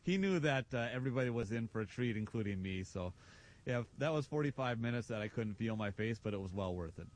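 A man's voice: medium pitch, lively intonation, quick pace. A man in his fifties, a sheriff appearing as a radio guest, chatting casually and mostly giving short, agreeable replies. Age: 50s.

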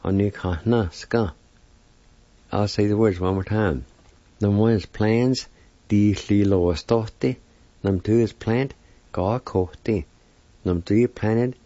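A man's voice: on the low side, unhurried, long pauses, warm tone, no echo. A man teaching a language lesson, patiently sounding out each word syllable by syllable. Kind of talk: slow spoken word lesson. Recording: dull lo-fi recording.

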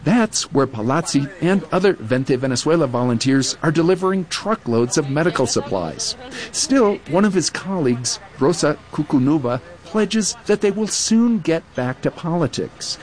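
Man reporting with lively intonation. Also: fairly high pitch, moderate pace. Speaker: foreign correspondent. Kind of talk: scripted news report.

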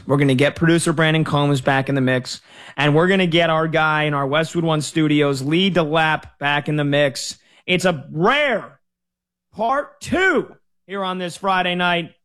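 A man's voice: a little high, moderate pace, a bit bright. A man hosting a casual sports talk radio show, chatty and joking at his own expense. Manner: chatty, joking, self-deprecating.

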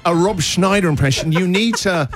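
A man hosting a breakfast radio show, trading puns with his co-host in a jokey, quick-witted way. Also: sits high, music in the background. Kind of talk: playful banter with co-host.

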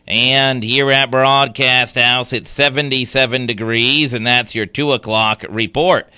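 A male radio news anchor with a bright, crisp voice. He reads in a steady newsreader style from a dry, close studio microphone. He also chats easily on air. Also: mid-range voice, a little slow, dry recording. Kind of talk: radio newscast and on-air chat.

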